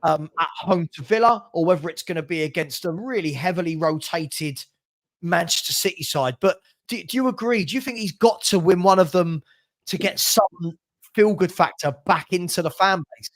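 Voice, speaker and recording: A man with a notably high-pitched voice hosts a heated football fan chat. He rants with passion, doubles back on his words and laughs between points. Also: moderate pace. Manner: passionate ranting, repeats himself, laughs often. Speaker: fan channel host.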